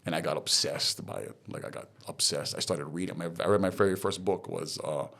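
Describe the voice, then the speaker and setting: A man from Hawaii with a fairly low voice, speaking as a guest on a podcast. He tells his story in a candid, lively way. When he quotes other people, he acts out their lines. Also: a little fast, vocal fry. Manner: animated retelling, acts out quoted dialogue.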